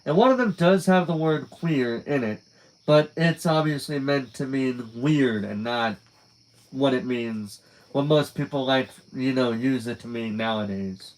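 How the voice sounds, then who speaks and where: On a live stream, a man reads a novel aloud in a casual, conversational way, pausing for chatty asides to his viewers and letting phrases trail off. His mid-range voice is unhurried and a little mellow, captured in low-quality audio.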